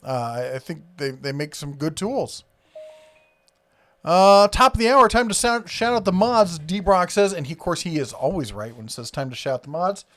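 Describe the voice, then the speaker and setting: A man's voice: on the high side, expressive, moderate pace, a bit bright. Midwestern man chatting on a live stream. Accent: Iowa. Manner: rambling, reads viewer comments aloud, frequent fillers. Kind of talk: casual live-stream chat.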